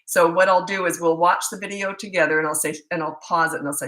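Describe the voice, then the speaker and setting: Bright-voiced chatty woman coach. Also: fairly low pitch, fast, few pauses, low-quality recording. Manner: chatty, storytelling, laughs often. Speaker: parenting coach. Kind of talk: live Q&A chat from home on webcam. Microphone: laptop webcam.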